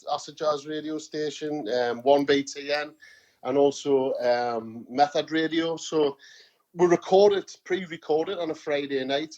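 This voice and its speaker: A man with a Geordie accent talks as a podcast guest, warming into his stories and doubling up words as he goes. His voice sits a touch high. The recording sounds dull and lo-fi. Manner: animated storyteller, repeats words, says "you know what I mean". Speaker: podcast guest, singer-songwriter. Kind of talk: casual podcast chat.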